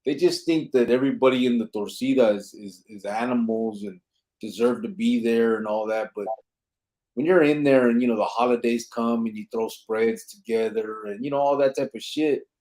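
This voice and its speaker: A man's voice: mid-range voice, normal speed, darkish tone. Laid-back man swearing on a podcast. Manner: laid-back, swears freely, street slang. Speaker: podcast host reading chat comments. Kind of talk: casual live podcast chat.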